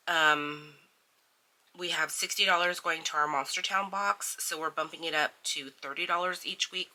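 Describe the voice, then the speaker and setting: Woman, middle-aged, low pitch, crisp bright tone, casual budgeting chat, lots of ums. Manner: chatty, filler-heavy, counts money aloud. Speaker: budgeting channel host. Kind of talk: casual chat while counting cash.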